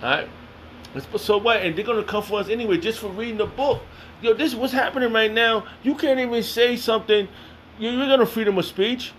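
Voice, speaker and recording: Guy preaching off verses, kinda high voice, heated and slangy, faint hum behind. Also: fairly quick, a bit bright. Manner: fiery, confrontational, slangy. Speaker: self-styled preacher. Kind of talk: scripture reading with heated commentary.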